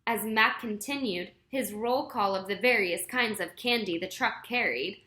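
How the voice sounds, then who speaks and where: A woman reading a children's chapter book aloud, unhurried, fixing her own slips as she goes. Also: mid-range voice, pushed and bright, reverberant. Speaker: story reader.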